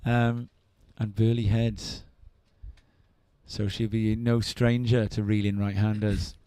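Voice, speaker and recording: A man calls a surf contest live in a fairly low voice, chatty and quick to react, tossing questions to his partner. The sound is dry and close, with no room around it. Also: level tone, dark tone, clear, resonant tone, no echo. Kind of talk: live sports commentary.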